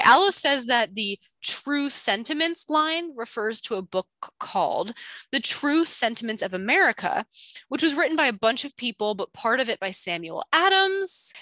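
A woman co-hosting a podcast, chatting casually as she recaps a book with quick asides. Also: fairly high pitch, bright, forceful tone, no room sound. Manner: chatty, quick asides, reads clues aloud. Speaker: podcast co-host.

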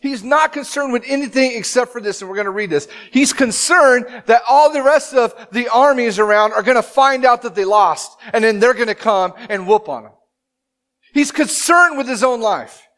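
A man in his thirties preaching a sermon as pastor, telling the story with animated, dramatic acted-out quotes. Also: extremely high pitch, normal speed.

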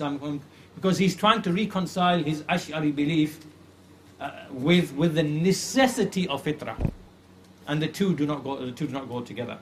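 Male religious teacher, slightly high voice, earnest and repetitive, faint hiss behind. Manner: earnest, repeats phrases for emphasis, slows to stress points. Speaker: Islamic creed teacher. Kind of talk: religious lecture retelling a classical story.

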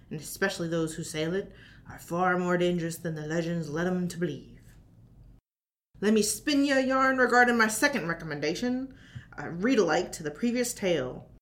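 A woman co-hosting a library podcast, reading book recommendations aloud in a storytelling manner sprinkled with mock pirate dialect. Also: lowish voice.

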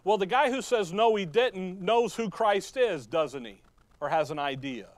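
A man preaching a sermon as pastor in a conversational way, with sudden loud emphasis and quick asides to the congregation. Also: high-pitched, dry recording.

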